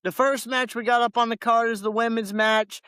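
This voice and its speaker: A man's voice: extremely high pitch, level tone, moderate pace, bright, forceful tone, clean tone, no echo. A man co-hosting a casual wrestling podcast in a loose, laid-back way, often repeating words as he talks. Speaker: podcast co-host.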